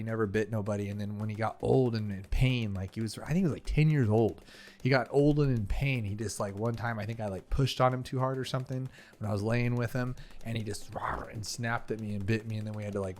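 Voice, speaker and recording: A man giving casual commentary over gameplay, rambling into talkative, emphatic stories and sounding exasperated. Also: lowish voice. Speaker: gaming video creator.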